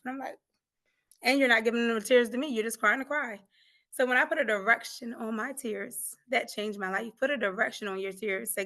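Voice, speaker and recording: Woman guest, grief coach, fervent faith testimony, bright forceful tone, repeats lines for emphasis. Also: on the high side, brisk. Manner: fervent and preachy, laughs often, repeats phrases for emphasis.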